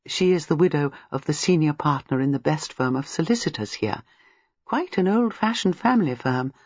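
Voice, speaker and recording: A reader voicing a gentle, gossiping elderly spinster who is quietly shrewd and speaks mildly. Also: female voice, sits low, lively intonation, moderate pace, husky, no room sound, highs cut off. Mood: chatty. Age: older. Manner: mild, chatty, quietly shrewd. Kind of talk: audiobook character reading.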